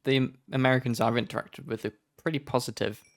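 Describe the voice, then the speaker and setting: A calm young man from England tells stories on a casual podcast. His voice has a gravelly, creaky texture at a mid pitch. The sound is dry and close. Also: quick pace, no room sound. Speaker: podcast co-host. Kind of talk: casual chat.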